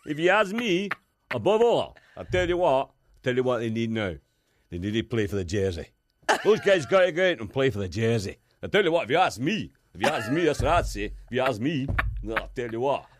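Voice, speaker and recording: A man's voice: on the high side, huge pitch swings, moderate pace, a bit bright, husky, no room sound, heavily acted. Man doing a pundit who keeps repeating himself. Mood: insistent. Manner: keeps repeating stock phrases, insistent. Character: repetitive male football pundit, passionate.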